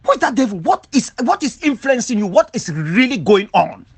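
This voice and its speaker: A man's voice: very high-pitched, sing-song, fairly quick, gravelly, slightly rough. Guy firing back in a heated rebuttal, voice swings way up and down, keeps hammering the same questions. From Cameroon, southwest region. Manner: emphatic, repeats rhetorical questions. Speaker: independence movement leader. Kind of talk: impassioned spoken rebuttal.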